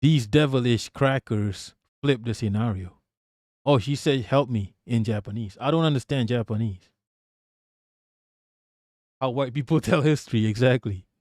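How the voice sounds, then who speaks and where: A man's voice: medium pitch, normal speed, long pauses, darkish tone, no echo, studio quality. A man commenting on a video clip during a live stream, blunt and profane, often repeating himself when worked up.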